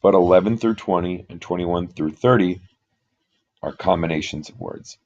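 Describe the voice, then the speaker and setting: A man's voice: low-pitched, darkish tone, muffled recording. A man teaching Spanish numbers, patient and methodical, explaining step by step. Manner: slow, patient, talks through examples step by step. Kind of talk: explaining at a board.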